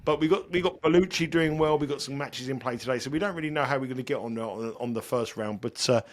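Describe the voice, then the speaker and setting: A man's voice: medium pitch, quick pace. Rambling man hosting a podcast. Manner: rambling, self-deprecating, stumbles and repeats words. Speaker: podcast host. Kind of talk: casual betting podcast chat.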